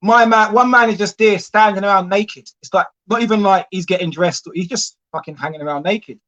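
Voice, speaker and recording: A man's voice: sits high, brisk, a bit bright, highs cut off. A man, co-hosting a podcast in casual chat, blunt and repetitive, often asking "you know what I mean". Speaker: podcast co-host.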